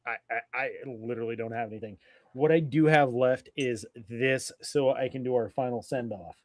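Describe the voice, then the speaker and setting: A man's voice: medium pitch, fairly even intonation, normal speed, dry recording. Profane, laid-back man, dry sound. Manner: loose, profane, self-mocking. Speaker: co-host of a live stream. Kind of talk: casual chat.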